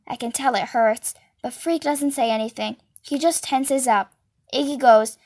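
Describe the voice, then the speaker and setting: A woman's voice: fairly high pitch, moderate pace, a little mellow. A woman reading a novel aloud and giving each character a voice of her own. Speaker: reader.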